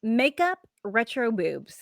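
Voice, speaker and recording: A woman's voice: on the high side, big pitch swings, slow, gravelly, dry recording, clean studio sound. A woman hosting a comedy show, chatting casually and teasing her guest. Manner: playful, teasing, laughs often. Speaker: comedy show host interviewer. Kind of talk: casual interview chat.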